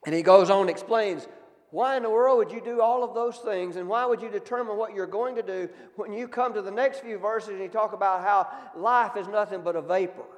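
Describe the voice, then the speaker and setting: A man's voice: high-pitched, fairly quick. A man preaching a sermon, folksy, asking the congregation questions directly. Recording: long reverb of a hall.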